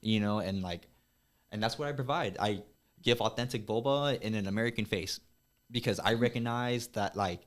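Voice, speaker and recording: A man, a podcast guest who runs a boba shop, talking casually and quickly with lots of "like" and some swearing. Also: on the low side. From West Texas. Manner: fast, loose, swears freely, lots of "like". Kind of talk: casual chat.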